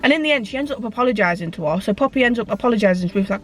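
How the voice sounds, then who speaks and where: A woman's voice: on the high side, expressive, very fast, fairly bright tone, a little hiss or hum. A woman in a casual book chat vlog, retelling a story in a chatty way and swearing freely. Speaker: book vlogger.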